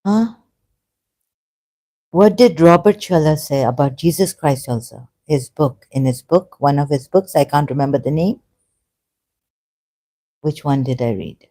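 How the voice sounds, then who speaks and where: A religious commentator in an unscripted personal monologue, talking in a meandering, halting way with many self-corrections, earnest and at times emphatic. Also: medium pitch, dark tone. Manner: earnest, grows emotional and emphatic.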